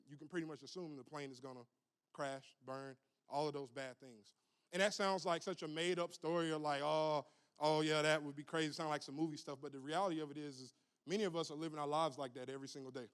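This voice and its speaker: A young adult man preaching a lively, humorous youth sermon, calling on the crowd to repeat after him. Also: fairly high pitch, clean tone. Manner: animated, humorous, call-and-response with the crowd. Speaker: youth minister.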